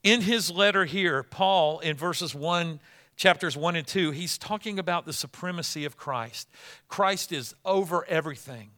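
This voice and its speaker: Bright-voiced man preaching a sermon. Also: on the high side, moderate pace. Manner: conversational storytelling, then rising to emphatic preaching. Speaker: pastor.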